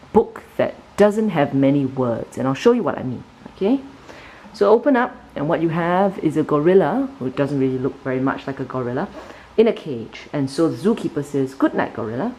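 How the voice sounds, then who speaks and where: Low-voiced woman reviewing a picture book. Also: normal speed, slight background noise, low-quality recording. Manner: animated storytelling, sudden pitch jumps on key words; explains patiently, often checks in with "right?". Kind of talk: casual book flip-through review.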